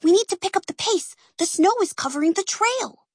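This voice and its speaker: A bold, eager young girl spy with a high, lively voice, put on by a woman reading a storybook. She talks briskly and keeps the plan moving. The recording is dry and a little husky. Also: no room sound.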